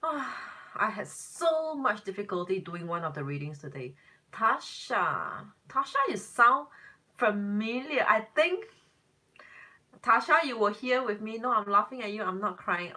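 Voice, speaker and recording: Bright-voiced chatty woman tarot reader. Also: on the low side. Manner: chatty, talks back to viewer comments, rambling restarts; exasperated exclamations. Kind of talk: casual live-stream chat.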